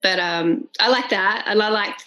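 A young woman chats on a podcast. She talks in a lively, giggly way at a middle pitch, slipping into little imitations as she goes. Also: normal speed, rough recording. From Australia. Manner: chatty and giggly, mimics accents. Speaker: podcast co-host. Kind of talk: casual chat.

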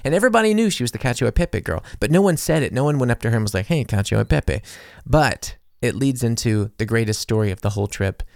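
Podcast host, young man. Gravelly, dry close-mic sound. Chatty and animated storyteller. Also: mid-range voice, fast, few pauses, no echo. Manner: chatty, animated, lots of fillers and acted-out quotes. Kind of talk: casual storytelling monologue.

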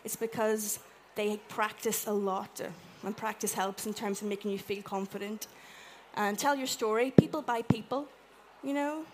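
A woman with an Irish accent giving a chatty, animated talk to a live audience, acting out little quotes as she goes. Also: medium pitch, moderate pace, noisy background. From Ireland. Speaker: conference speaker. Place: event room with an audience.

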